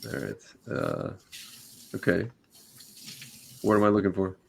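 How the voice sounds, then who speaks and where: Gravelly guy co-hosting a podcast, lively pitch, faint hiss behind. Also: measured pace. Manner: agreeable, keeps saying yeah. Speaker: podcast co-host. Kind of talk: casual chat.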